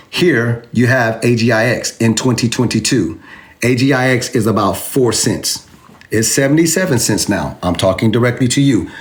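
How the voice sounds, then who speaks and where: A man hosting a crypto video, talking straight to the camera in an emphatic, repetitive, taunting way as he answers a viewer. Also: medium pitch. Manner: addresses a commenter directly. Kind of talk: animated direct-to-camera rebuttal.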